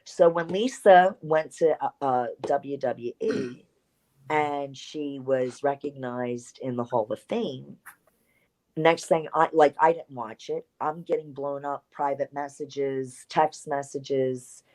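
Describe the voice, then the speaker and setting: A woman, a former pro wrestler, telling candid stories in an interview, animated and blunt, with salty language. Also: a bass voice, slow pace.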